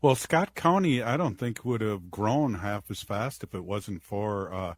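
A man hosting a casual conversation, talking loosely with frequent pauses and uhs. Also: on the low side, expressive.

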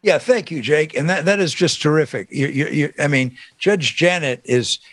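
A man's voice: fairly high pitch, moderate pace, fairly bright tone, no echo. A man hosting a talk radio show, chatting casually and animatedly, often stumbling and repeating words as he talks.

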